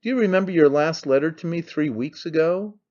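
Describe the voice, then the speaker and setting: A man's voice: a little high, a little fast, a little mellow, highs cut off, natural voice. A man voicing a brash young man who mocks his father in an offhand, needling way. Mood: mocking. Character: young man, mocking, cynical, brash son.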